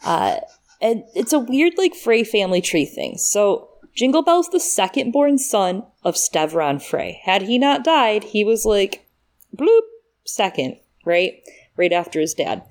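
A woman's voice: mid-range voice, sing-song, a little slow, darkish tone. A woman in casual podcast chat, thinking aloud as she walks through details. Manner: thinks aloud, breaks down details with fillers and laughs. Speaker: podcast co-host.

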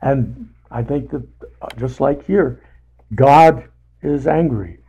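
A man teaching a casual Bible study in a slow, unhurried way, stopping often to restart a thought. His voice is gravelly, with a warm, darker tone. He leans on paraphrased scripture for emphasis. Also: medium pitch, lo-fi sound.

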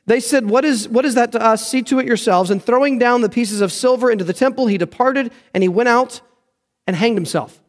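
A man's voice: very high-pitched, a little fast. A man preaching a sermon as pastor, earnest and emphatic, repeating key phrases for weight.

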